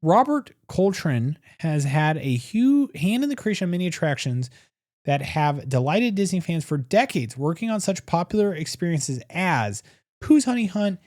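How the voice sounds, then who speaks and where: A man co-hosting a casual podcast, his pitch swinging widely as he reads out history notes and trades jokes. The sound is dry and close, with no room around it. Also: big pitch swings, moderate pace, a little mellow, no room sound. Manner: reads scripted history between playful banter. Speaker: podcast co-host. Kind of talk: casual podcast chat with read narration.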